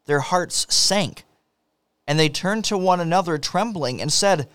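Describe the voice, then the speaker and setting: Guy reading the bible aloud, steady pace, slightly high voice, dry close studio sound. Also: measured pace, clear, resonant tone, no room sound. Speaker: scripture reader. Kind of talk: scripture reading.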